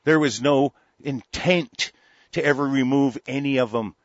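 A man's voice: mid-range voice, measured pace, no room sound, highs cut off. A man in an angry, profane political rant, heated and repetitive.

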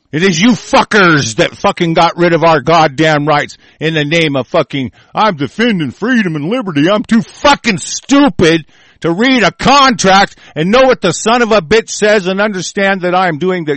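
A man's voice: a little high, a bit bright, no room sound. A man hosting a talk radio show, delivering a furious, profane, threatening tirade. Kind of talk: angry on-air rant.

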